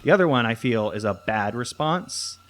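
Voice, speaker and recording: A man's voice: mid-range voice, expressive, moderate pace, a bit bright. A young man giving casual gameplay commentary, rambling and thinking aloud with lots of restarts. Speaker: let's play host.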